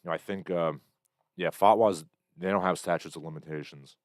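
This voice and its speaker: Deep-voiced man rambling through livestream commentary. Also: steady tone, brisk, dry recording, clean studio sound. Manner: rambling, blunt, filler-heavy, reads chat comments aloud. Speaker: livestream host.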